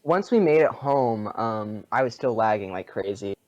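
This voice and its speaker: A man co-hosting a casual gaming podcast, sarcastic and quick to laugh. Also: on the low side, animated, darkish tone, muffled recording. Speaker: podcast co-host. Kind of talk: casual chat.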